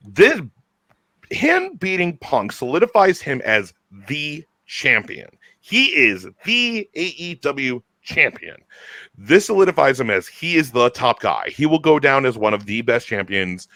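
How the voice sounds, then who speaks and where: A man hosting a casual chat, talking in an enthusiastic, animated way with quick restarts. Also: mid-range voice, dry recording. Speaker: podcast host.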